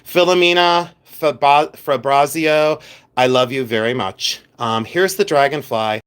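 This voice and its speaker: A man's voice: mid-range voice, unhurried, a bit bright, clear, resonant tone. A chatty man hosting a live jewelry stream from his second house, reading viewer comments aloud and teasing people with lots of giggles.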